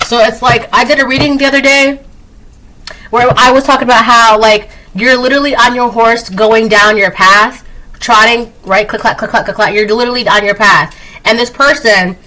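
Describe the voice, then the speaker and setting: A woman doing a casual spoken tarot reading, chatty, laughing often and acting out quick quoted voices. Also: on the high side, steady tone, sharp tone, low-quality recording. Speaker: tarot reader.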